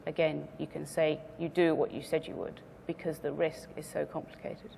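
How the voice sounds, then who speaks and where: A woman speaker giving a measured business presentation to a conference audience, stressing her key words. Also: deep voice, level tone, vocal fry, a little mellow, long reverb tail, slight background noise. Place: conference venue.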